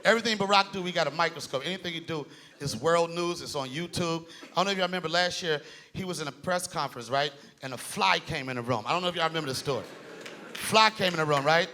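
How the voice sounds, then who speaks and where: A male stand-up comedian performing on stage with a loud, animated delivery that breaks into shouts. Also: a little high, fast talker. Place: live comedy stage before an audience. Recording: live audience laughter and room noise.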